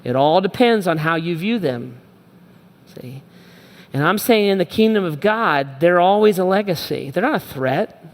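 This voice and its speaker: A man's voice: high-pitched, lively intonation, moderate pace. A man preaching a sermon as pastor, conversational and emphatic, repeating his phrases for weight. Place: church auditorium. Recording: echoey church hall.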